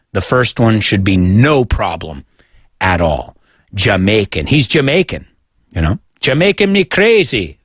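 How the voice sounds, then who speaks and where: A man's voice: on the low side, fairly bright tone, breathy edge, dry recording, clean studio sound. An American man hosting a radio show that teaches English, chatting in a jokey way and switching between English and Spanish. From United States.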